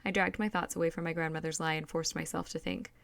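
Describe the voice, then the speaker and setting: A woman reading a novel aloud in first person, in a steady, even storytelling manner. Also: sits low, fast talker, gravelly, no room sound. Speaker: audiobook reader.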